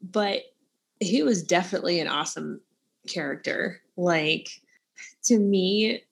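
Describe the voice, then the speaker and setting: A woman with a low, slightly husky voice chats casually as a podcast co-host. She is amused and laughs often as she talks about books. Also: a little slow.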